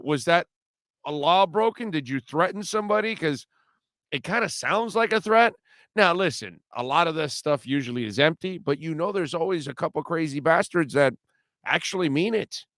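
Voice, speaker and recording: A man's voice: on the high side, normal speed, no room sound, studio quality. A man hosting a sports talk show, talking casually and animatedly, often restarting his sentences. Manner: animated, laughing, rambling with restarts. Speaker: sports radio host.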